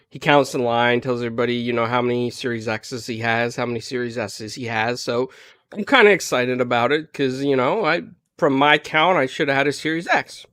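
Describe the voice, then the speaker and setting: A man on a gaming podcast, casually retelling a story in an animated way, full of "like" and "you know". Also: medium pitch, smooth, no room sound, studio quality. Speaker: podcast panelist.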